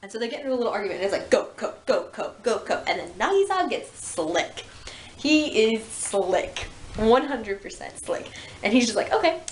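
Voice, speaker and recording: A young woman chatting casually in a room that echoes around her voice. She talks in an animated way and jumps into the characters' lines. A faint hiss runs under the recording. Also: a little high, moderate pace. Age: young adult. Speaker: channel host. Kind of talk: casual chat.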